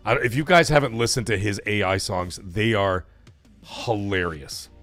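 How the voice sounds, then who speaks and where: A man's voice: on the low side, moderate pace, fairly bright tone, faint music behind. A man hosting a casual gaming livestream, chatty and rambling, laughing often as he reads chat. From Italian-American background. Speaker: livestream host.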